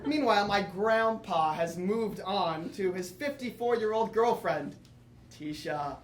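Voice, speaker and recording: A man's voice: high-pitched, measured pace. Teen guy doing a solo comedy bit for a crowd, echoey room, faint hiss. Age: teens. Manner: lively comic storytelling with asides to the audience. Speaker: student performer. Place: theatre or classroom with audience.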